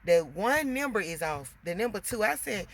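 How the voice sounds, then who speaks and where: A woman venting in a casual monologue to her viewers, animated and emotional, getting loud as she talks. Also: mid-range voice, moderate pace. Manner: gets loud when emotional.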